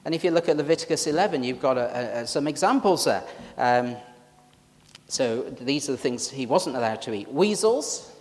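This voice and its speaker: A man's voice: mid-range voice, animated, normal speed, a little mellow, long reverb tail. A man with a Yorkshire accent preaching an informal, joking sermon and chatting with his congregation during a church service. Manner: chatty, joking, self-deprecating.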